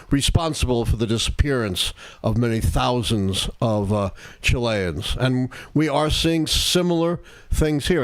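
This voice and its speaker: Older man, measured historian on live talk. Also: mid-range voice, no echo. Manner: deliberate, measured explanations. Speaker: historian and show host. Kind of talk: live-stream political talk.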